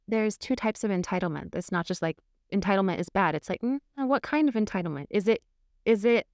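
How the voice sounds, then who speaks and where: A woman's voice: mid-range voice, a little mellow, no room sound, clean studio sound. A woman relationship coach talking frankly and candidly on a podcast, laughing often as she speaks.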